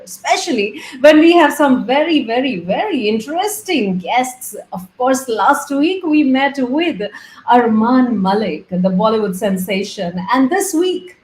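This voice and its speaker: A woman's voice: fairly high pitch, darkish tone, reverberant, poor audio. A woman hosting a talk show interview, chatty, effusive and playful as she introduces and questions her guest. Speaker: host.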